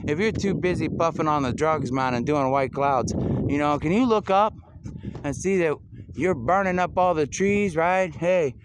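A man's voice: on the high side, moderate pace, noisy background. A man talking in a rambling monologue over footage, drifting between topics with wordplay and filling his talk with "man" and "you know".

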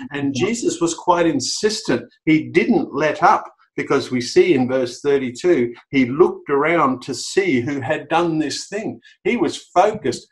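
A middle-aged Australian man preaching a sermon as a pastor, telling the story with animated emphasis and lifting his voice for quoted lines. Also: mid-range voice, low-quality recording.

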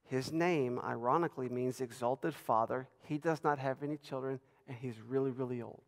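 A man giving a lively Bible lecture to an audience, rising in pitch and loudness when he stresses a point. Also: normal speed. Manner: animated, rises in pitch and volume for emphasis. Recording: long reverb of a large hall.

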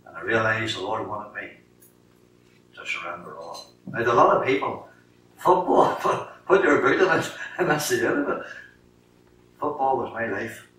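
Bright-voiced Northern Irish preacher, echoey church. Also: male voice, on the low side, normal speed, long pauses. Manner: animated storyteller acting out dialogue. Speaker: lay preacher giving testimony. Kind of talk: sermon testimony. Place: church sanctuary. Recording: echoey church from a distance with faint noise.

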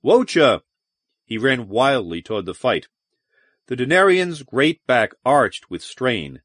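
Male audiobook narrator, measured, dramatic, middle pitch, dry close sound. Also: sing-song, a bit bright, no echo. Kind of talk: scripted narration.

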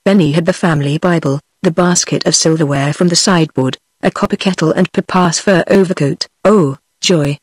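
A computer-generated woman's voice with a British accent, reading a fairy tale aloud in an even synthetic manner. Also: sits low, brisk, hardly any pauses, breathy edge, no room sound. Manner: even synthetic reading of all parts in one voice. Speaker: narrator. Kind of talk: text-to-speech audiobook reading.

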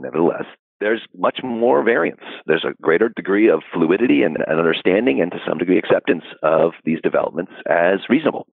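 A man with a very deep, gravelly voice and a husky edge answers in a podcast interview. He talks in a thoughtful, discursive way, stacking "you know" as he goes. The sound is dry and thin, like a phone line. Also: lively intonation, fairly quick, no room sound. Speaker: historian guest. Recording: dry, phone-like call audio.

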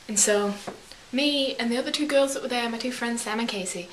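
A woman's voice: a little high, brisk. Chatty young woman with a put-on English accent. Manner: chatty, acts out quotes in silly voices. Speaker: vlogger. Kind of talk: rambling casual storytelling. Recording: echoey room with faint hiss.

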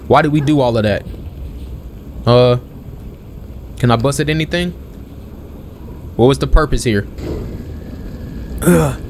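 A young man giving casual let's-play commentary as a gaming channel host, chatting and questioning the game out loud. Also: mid-range voice, a little hiss or hum. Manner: chatty, questions the game aloud, calls everyone bro.

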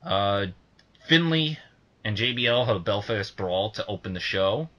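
A young man co-hosting a casual podcast, excitable and swearing freely, who shouts when worked up. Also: on the low side, moderate pace, dull audio. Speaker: podcast co-host.

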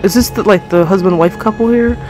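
A woman's voice: mid-range voice, fairly quick, a little mellow. A young woman playing a horror game, commenting to her viewers, easily frustrated and swearing often, with faint music behind her. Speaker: gamer.

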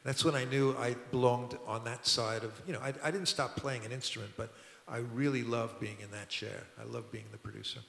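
An older record producer from Brooklyn, New York, speaks as a guest at a public talk in a museum auditorium, his medium-pitched voice steady, brisk, creaky, and a bit bright. He rambles through studio anecdotes, restarting sentences and chuckling. The roomy hall adds a long reverb.

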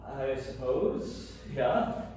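A man's voice: mid-range voice, lively intonation, dark tone. A man with an Irish accent playing a tactless, rambling Irish man in a scripted comedy sketch. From Ireland. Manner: rambling, apologetic, quick to laugh. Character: chatty, tactless Irish man, laughs at own jokes. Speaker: character in a comedy audio sketch. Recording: echoey room, distant mic, faint noise.

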